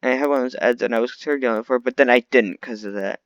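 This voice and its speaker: A man's voice: medium pitch, racing, no echo, dull audio. A man delivering an unscripted, rambling rant full of complaints, often restarting his sentences. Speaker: vlogger.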